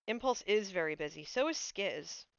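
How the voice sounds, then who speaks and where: A woman's voice: mid-range voice, animated, moderate pace, gravelly, no room sound, lo-fi sound. A woman streamer chatting casually while playing a game, telling stories with lots of fillers. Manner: chatty storyteller with frequent fillers. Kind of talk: casual gaming stream chat.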